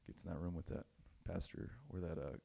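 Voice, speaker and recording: Low-voiced crude joke-telling podcast guy. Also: level tone, brisk, gravelly, dark tone, husky. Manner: crude, rambling storyteller. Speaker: podcast co-host.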